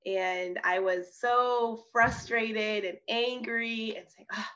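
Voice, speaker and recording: A young woman, a missionary, telling her personal testimony in an interview, earnest and animated, often laughing and restarting her sentences. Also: on the high side, slow pace. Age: young adult. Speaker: missionary guest. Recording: slightly dull audio.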